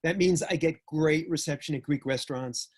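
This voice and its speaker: An older man from New York with a New York accent, giving a joking, animated talk with sudden jumps in loudness. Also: fairly high pitch, normal speed, husky. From United States. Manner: animated storyteller, jokey, swings between loud and soft. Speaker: speaker. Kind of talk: lecture talk.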